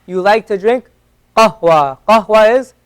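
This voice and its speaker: A man's voice: sits high, a little slow, smooth. A man teaching an Arabic class, patiently repeating each letter sound to demonstrate its pronunciation. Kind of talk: classroom lesson. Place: classroom at an Islamic center.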